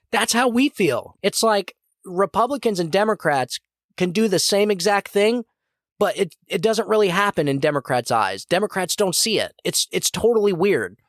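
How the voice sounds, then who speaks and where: A man's voice: high voice, dry recording, studio quality. A man hosting a podcast, delivering a heated, repetitive political commentary monologue. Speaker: podcast host.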